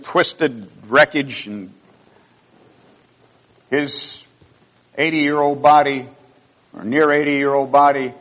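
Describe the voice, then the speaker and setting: An older man delivers a sermon as a pastor, telling personal stories earnestly. His voice sits in a middle pitch, and the recording sounds a bit muffled and lo-fi. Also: a bit bright. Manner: earnest storytelling, rising emotion at key moments.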